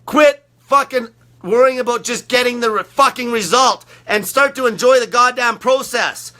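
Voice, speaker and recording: Brief: fired-up young male fasting coach, high forceful voice, profane and blunt. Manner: aggressive, heavy swearing, blunt. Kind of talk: profane ranting monologue.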